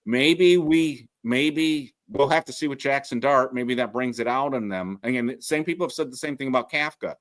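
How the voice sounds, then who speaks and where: A man co-hosting a sports podcast, talking casually with halting restarts and laughing through his points. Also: mid-range voice, a bit bright, no room sound. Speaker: podcast co-host.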